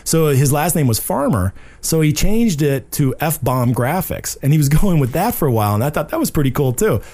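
A man's voice: a little high, big pitch swings, normal speed, darkish tone. A man co-hosting a podcast, telling a loose story in casual chat with plenty of fillers and restarts. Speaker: podcast co-host.

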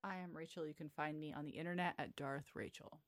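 A woman's voice: low voice, fairly even intonation, fast talker. A woman hosting a casual book-club podcast, upbeat and teasing, laughing easily with her co-hosts. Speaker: podcast host.

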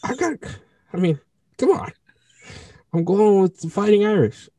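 Animated, swearing podcast co-host man. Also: high voice, measured pace, dry recording. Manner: animated, profane, jokey. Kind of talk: casual podcast chat.

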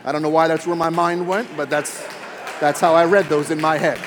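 A man's voice: a little high, steady tone, a little fast, a crowd in the background, noisy background. Emphatic man preaching in a hall. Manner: earnest, emphatic preaching with repeated words. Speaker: pastor. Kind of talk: sermon. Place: church auditorium. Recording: long reverb in a large hall, faint music.

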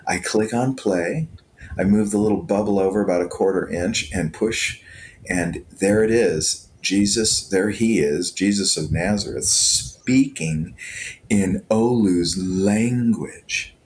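Brief: middle-aged male guest, very low voice, lively storyteller with chuckles, faint hum behind. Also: slow pace. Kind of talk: conversational storytelling.

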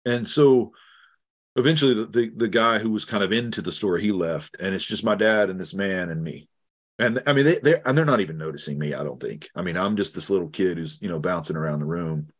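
A middle-aged man, a guest theologian, telling a personal story in an earnest, halting way with many restarts. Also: deep voice, expressive. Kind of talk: reflective storytelling in conversation.

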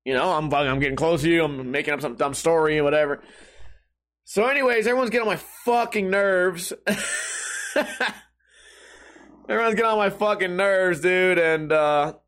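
A man's voice: fairly high pitch, moderate pace, pauses often. A man telling a funny story casually, swearing a lot and laughing often. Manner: profane, animated, laughs often.

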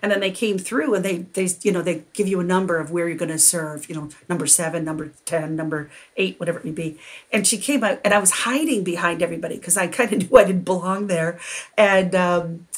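Animated middle-aged woman telling a story. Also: on the low side, brisk. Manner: animated, laughs often while telling a story. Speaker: guest. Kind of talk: storytelling in a conversation.

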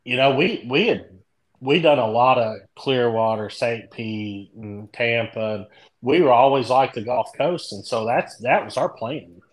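A middle-aged man from Indianapolis with a Kentucky country accent, a podcast guest chatting loosely and telling stories in a drawn-out, rambling way. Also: mid-range voice, rough recording. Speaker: guest, dent repair tech. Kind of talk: casual podcast chat.

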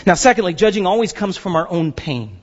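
A male pastor delivers a sermon in a high, very lively, husky voice that leaps all over, speaking a little fast. He jokes with the congregation and acts out little quoted voices, and the recording has a dull, lo-fi, big-room sound.

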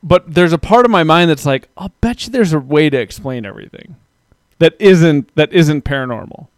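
A man's voice: a little high, animated, moderate pace, dry recording, studio quality. A man hosting a casual podcast chat, talking loosely and reading out listener comments. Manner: chatty, self-deprecating, reads out listener comments. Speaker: podcast host.

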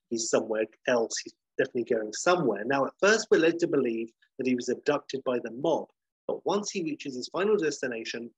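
Chatty man retelling a film, husky voice. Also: medium pitch, no room sound, low-quality recording. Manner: chatty, many fillers, acts out the dialogue. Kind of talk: casual retelling of a film plot.

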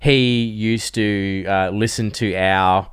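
Smooth-voiced Australian podcast co-host. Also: male voice, fairly low pitch, fairly even intonation, no room sound. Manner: laid-back, swears casually, quick agreeing backchannels. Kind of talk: casual podcast chat.

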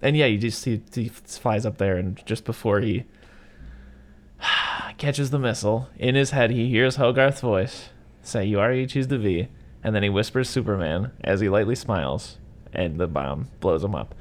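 A man with a fairly low voice talks through a favorite film in a relaxed chat. He gets enthusiastic and jumps into little impressions of the characters as he retells scenes. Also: normal speed. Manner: enthusiastic, acts out quotes in voices. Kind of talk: casual movie discussion.

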